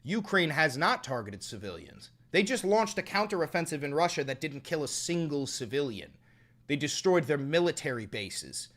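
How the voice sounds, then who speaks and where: A man giving casual, profane reaction commentary on clips and viewer chat, incredulous and swinging from muttering to shouting. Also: a little high.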